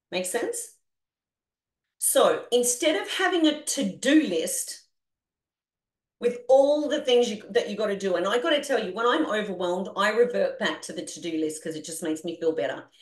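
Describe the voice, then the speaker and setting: An Australian woman coaches a group over a video call, animated and encouraging as she pushes everyone to join in. Her voice sits at a middle pitch. The sound carries the echo of a roomy space. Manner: energetic, animated, coaxing the group along. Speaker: business coach.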